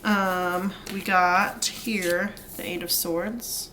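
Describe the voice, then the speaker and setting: A woman's voice: on the low side, steady tone, extremely slow, background noise. A young woman doing a casual pick-a-card tarot reading, chatty and rambling with lots of fillers and laughs. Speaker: tarot reader.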